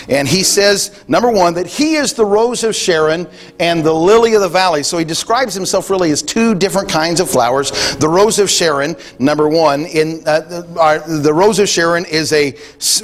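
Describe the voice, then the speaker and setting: A man preaching a sermon in a conversational way, thinking aloud with frequent restarts and quoting scripture. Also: fairly high pitch. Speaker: pastor.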